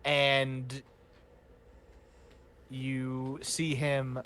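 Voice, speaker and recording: A man runs a tabletop game, describing the scene at a slow, unhurried pace. His voice sits at a middling pitch, and he leans on fillers as he builds each moment. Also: monotone, a bit bright, a little hiss or hum. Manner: unhurried, hesitant, lots of fillers. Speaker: game master.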